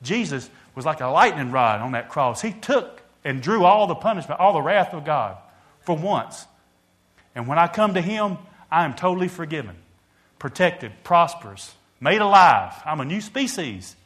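A preacher delivering a sermon, swelling loud and dropping quiet, calling out to the congregation. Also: male voice, on the high side, sing-song, normal speed.

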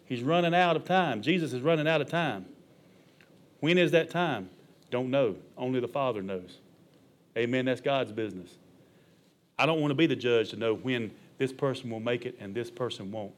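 A man's voice: mid-range voice, moderate pace. Middle-aged guy preaching, folksy and fired up, tosses in amens all the time. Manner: emphatic preaching with calls of amen and hallelujah. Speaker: pastor. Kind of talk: sermon.

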